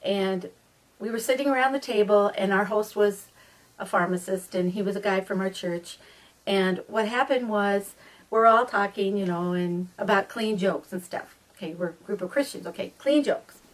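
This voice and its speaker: A woman's voice: mid-range voice, moderate pace. A middle-aged woman telling personal stories to viewers in a chatty, earnest way, often calling them folks. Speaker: vlogger. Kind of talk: personal storytelling monologue. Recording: voice a bit distant from the mic.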